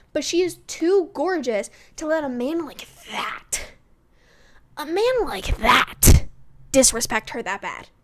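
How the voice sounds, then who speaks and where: A young woman chatting casually in a rambling, animated way, with sassy outbursts. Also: high-pitched. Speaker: YouTuber reviewing a reality show.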